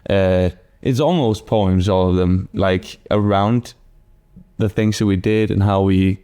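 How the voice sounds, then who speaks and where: A man's voice: low-pitched, a little slow, mellow, clean tone. A young adult man from Denmark with a Danish accent, a musician talking eagerly in an interview, often fumbling for the right English word. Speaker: musician, duo member. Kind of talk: casual interview chat.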